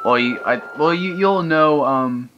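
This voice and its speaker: A man's voice: fairly high pitch, measured pace, fairly bright tone, lo-fi sound. A young man narrating his gameplay, ranting in exasperation with frequent exclamations. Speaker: let's play gamer. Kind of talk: gameplay commentary. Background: video game music.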